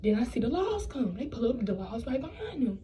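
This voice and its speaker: A woman's voice: a little high, big pitch swings, a little fast, warm tone, a little hiss or hum, low-quality recording. A young woman telling a personal story in a casual storytime vlog, blunt and profane, rambling and restarting her sentences. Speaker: vlogger.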